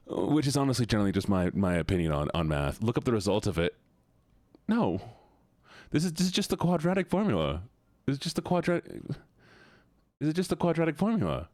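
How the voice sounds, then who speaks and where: A man streaming live, reacting to viewer submissions with exasperated, theatrical rants that jump into high squeals. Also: sing-song, a little fast, darkish tone, dry recording.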